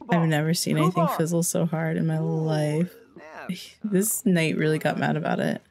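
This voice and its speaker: A woman talks through her game in a casual, chatty way, joking and exclaiming as things happen. Her voice sits low and carries a gravelly fry. She acts out the characters' lines without leaving her own voice. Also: fairly even intonation, moderate pace, darkish tone. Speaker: let's play host. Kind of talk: casual gameplay commentary.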